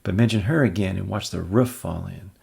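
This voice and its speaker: A man's voice: low-pitched, fairly quick, vocal fry, darkish tone, husky, exaggerated voice. A man doing an earnest young college hero. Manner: earnest, quippy. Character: reasonable young male college student hero.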